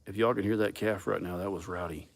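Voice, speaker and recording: Deep-voiced man, profane and laid-back. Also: steady tone, quick pace, vocal fry. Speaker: livestream host. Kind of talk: casual chat, rambling storytelling.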